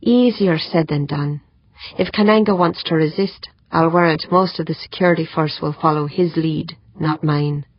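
A woman's voice: low voice, normal speed, no room sound. A woman voicing a grumbling, skeptical older male community director in an audiobook. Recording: dull, muffled dry recording.

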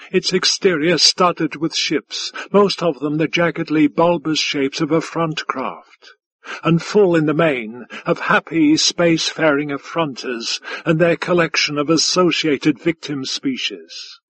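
Male reader, measured delivery, slightly high husky voice, very slow, dry close mic. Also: a bit bright, no room sound. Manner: measured, deliberate. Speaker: audiobook narrator. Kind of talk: scripted narration.

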